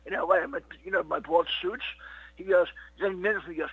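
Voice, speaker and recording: Middle aged comedy guy rambling, pitched a bit high, bright sharp voice. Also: lively intonation, unhurried, husky, dry recording. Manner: rambling, fills with "you know what" and "he goes". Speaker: comedian guest. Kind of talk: casual interview storytelling. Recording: dull lo-fi dry recording.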